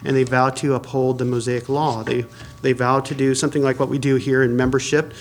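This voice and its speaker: A man's voice: mid-range voice, little pitch movement, a little fast, slight background noise. A man, a pastor, preaches a sermon in a conversational way, with many fillers and restarts, and asks the congregation questions.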